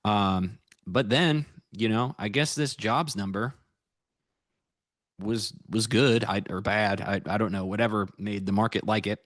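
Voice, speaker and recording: He's an American futures trader chatting easygoingly with his livestream audience as he looks back over his trades. The voice is lowish and fairly bright at a measured pace, with studio quality and no room sound.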